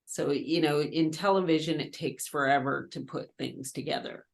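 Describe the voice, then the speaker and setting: A woman chatting as an interview guest, with halting, hesitant phrasing. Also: low-pitched, fairly even intonation, vocal fry. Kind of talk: casual chat.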